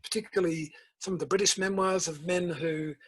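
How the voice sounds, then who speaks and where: An older man, a guest author and principal telling stories in a measured, reflective interview. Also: high voice, steady tone, a bit bright, husky, rough recording. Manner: measured storytelling, tells anecdotes.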